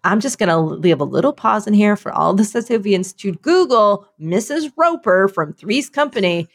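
Animated, rambling woman with a lively voice. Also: mid-range voice, moderate pace. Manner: rambling, self-mocking, acts out her own inner voice. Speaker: podcast co-host. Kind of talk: casual chat.

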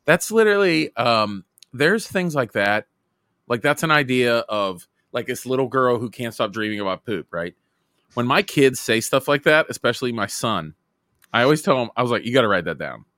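A man's voice: medium pitch, moderate pace, dry recording, studio quality. A man in his thirties chatting loosely about parenting and kids' humor, with many restarts and fillers. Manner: lively, rambling, lots of "like" and restarts. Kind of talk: casual chat.

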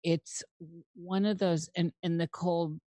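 A woman's voice: fairly low pitch, level tone, measured pace, warm tone, dry recording. A woman hosting a casual conversation, thoughtful and earnest, swearing casually.

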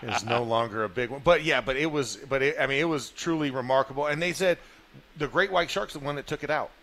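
A man hosting a sports radio show, chatting in a jokey, excitable way. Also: medium pitch, fast talker, a little hiss or hum. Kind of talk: casual sports radio chat.

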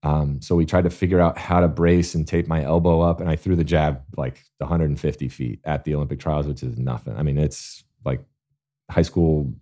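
Deep, mellow male athlete telling stories. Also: moderate pace. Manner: earnest, animated storyteller. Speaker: guest, Olympic athlete. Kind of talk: casual interview storytelling.

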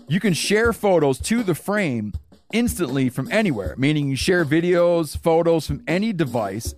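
A man hosting a podcast, chatting casually and reading ads in a relaxed, conversational way. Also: on the high side. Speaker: podcast host. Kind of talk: casual chat and host-read ad.

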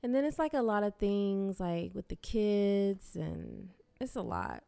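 A woman's voice: mid-range voice, big pitch swings, measured pace, creaky, mellow, clean tone. A woman chatting casually, chiming in with questions and comments. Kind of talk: casual chat.

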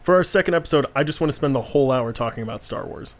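Wry young man, mid-pitched voice. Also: lively intonation, racing. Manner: wry, dry humor, laughs at own stories. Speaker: podcast co-host. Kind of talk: casual chat.

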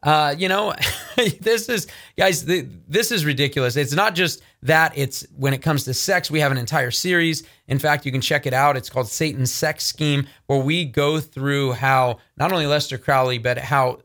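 A man's voice: on the high side, moderate pace, few pauses, a bit bright. A young adult man from Southern California presenting for a ministry, talking straight to viewers with earnest, emphatic warnings. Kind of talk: preaching monologue to viewers.

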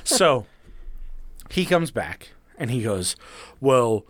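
Profane, lively male storyteller. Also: medium pitch, normal speed, a little hiss or hum. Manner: profane, animated storyteller acting out other people's lines. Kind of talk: casual storytelling chat.

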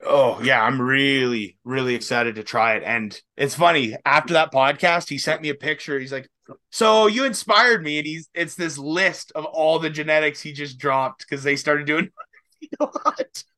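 A man's voice: mid-range voice, steady tone, moderate pace, few pauses, pushed and bright. A young Canadian man co-hosting a podcast, rambling casually, laughing and swearing now and then. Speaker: podcast co-host. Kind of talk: casual chat.

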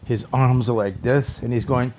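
Male comic co-host, casual and profane, animated storyteller. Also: medium pitch, normal speed, slight background noise. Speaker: comedian podcast co-host.

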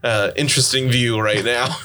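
A man's voice: medium pitch, normal speed, pushed and bright. A man running a tabletop game as game master, telling the scene with a laugh and a playful manner. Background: background music.

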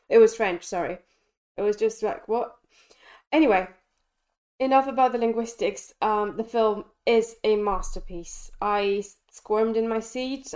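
A woman co-hosting a casual podcast, reviewing a film with animated enthusiasm and frequent restarts. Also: mid-range voice. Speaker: podcast co-host reviewing films. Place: London.

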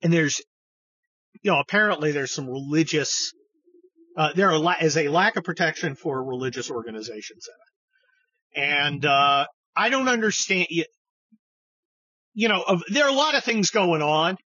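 A man's voice: on the high side, normal speed, pauses often, sharp tone, husky, dry recording, dull audio. A man hosting a podcast, delivering a blunt, profane political monologue that rambles with many restarts. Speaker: podcast host.

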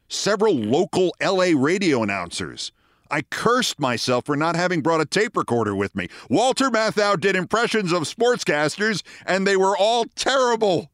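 Male host, sixties, Bronx-born, with a neutral accent. Dry, deliberate storyteller with a dead studio sound. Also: on the high side, a bit bright, no echo. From the Bronx, New York. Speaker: host, commentator. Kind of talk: scripted storytelling monologue.

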